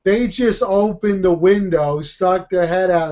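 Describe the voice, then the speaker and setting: A Brooklyn man with a New York accent tells stories in an easygoing, drawn-out way. His voice is fairly high for a man, and he laughs easily. The recording sounds dull and lo-fi. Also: a little mellow, a little hiss or hum. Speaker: podcast co-host. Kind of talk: casual chat.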